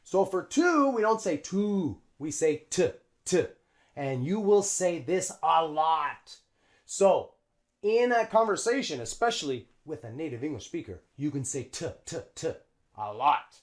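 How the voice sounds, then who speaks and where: A man's voice: fairly high pitch, lively intonation, measured pace. A man teaching English pronunciation in a video lesson, stretching out example words and chuckling between them.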